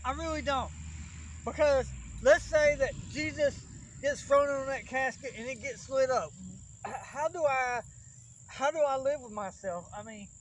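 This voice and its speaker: Host for a backyard wrestling vlog: a very high-pitched man with a Southern Alabama accent, rambling and worried, recorded outdoors among insects. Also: measured pace, a little hiss or hum, low-quality recording. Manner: rambling and fretful, with restarts. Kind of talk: casual rambling vlog talk.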